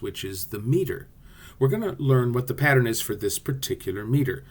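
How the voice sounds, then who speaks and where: A man's voice: mid-range voice, breathy edge. A man teaching a class video, explaining poetic rhythm in a playful way and sounding out beats. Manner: lively, playful teaching voice with sung-out rhythm syllables.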